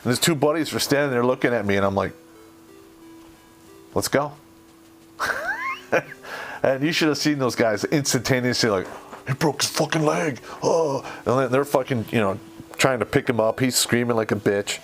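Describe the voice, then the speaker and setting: A middle-aged American man hosting a podcast, telling rough war-story-style anecdotes in casual, profane talk and laughing at his own stories. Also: medium pitch, fast talker, soft background music. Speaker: podcast host.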